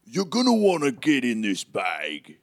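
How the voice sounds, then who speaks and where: A huge hulking giant, pressing and urgent, voiced by a man. His lines come out loud, drawn out and higher than the man's normal voice. This is a tabletop role-play game. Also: huge pitch swings, measured pace.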